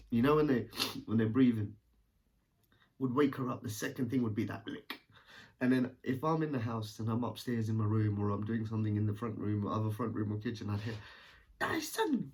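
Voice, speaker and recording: A man's voice: mid-range voice, a little mellow, recorded from a distance. A man tells a personal story in a candid, rambling way and swears casually.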